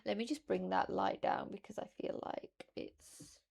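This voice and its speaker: A woman's voice: medium pitch, measured pace, creaky, darkish tone, husky. A British woman streaming from a room at home, chatting casually in a rambling, self-deprecating way. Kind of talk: casual livestream chat.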